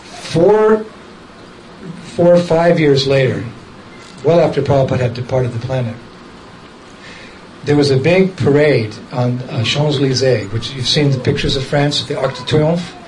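A man's voice: mid-range voice, a little slow, darkish tone, a little hiss or hum, low-quality recording. A man casually telling a story from his past, often chuckling and quoting the people in it directly. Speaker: devotee recounting a memory.

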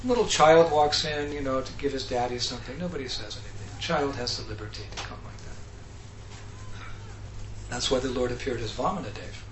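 A man giving a devotional talk, telling scripture stories in a lively way and acting out the characters. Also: medium pitch, a little fast, noisy background. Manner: animated, acts out characters, laughs often. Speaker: speaker. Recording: echoey room with faint ambience.

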